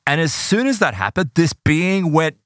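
A man's voice: fairly high pitch, very animated, moderate pace, a bit bright, dry recording, clean studio sound. A man hosting a podcast, retelling a paranormal encounter in a casual, dramatic way with plenty of filler words.

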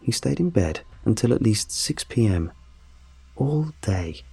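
A man with a gravelly, husky voice narrating a scripted first-person story. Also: mid-range voice, big pitch swings, measured pace, no room sound. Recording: soft music under the voice.

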